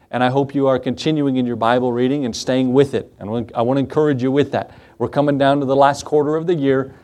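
A man's voice: on the high side, warm tone. A man preaching a sermon as pastor to his congregation, earnest and often asking them questions. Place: church.

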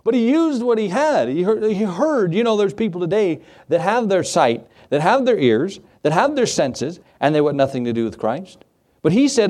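A man's voice: on the high side, expressive, normal speed, a little mellow. A young man preaching a fervent, folksy sermon as pastor, acting out the voices of the people he quotes.

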